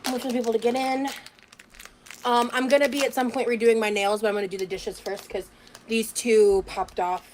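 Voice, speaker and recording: A woman's voice: fairly high pitch, flat delivery, fairly quick, darkish tone, slight background noise. A woman livestreamer talking to her chat late at night, greeting viewers by name and swearing when annoyed.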